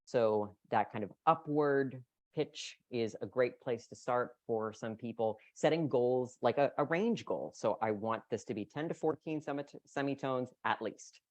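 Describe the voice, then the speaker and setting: A presenter at a voice care meeting, giving an explanatory lecture and demonstrating pitch patterns aloud. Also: a little slow, no echo.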